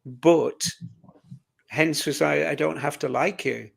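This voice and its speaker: A man's voice: fairly high pitch, takes it slowly, creaky, slightly rough. A man taking part as a guest in a casual live-stream chat, speaking in an earnest, reflective way.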